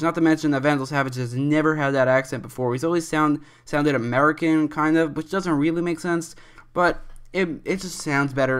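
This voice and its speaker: A man's voice: a little high, smooth. Young man giving rambling opinions. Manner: rambling, restarts often, opinionated. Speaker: commentary video host. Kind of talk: unscripted opinion commentary.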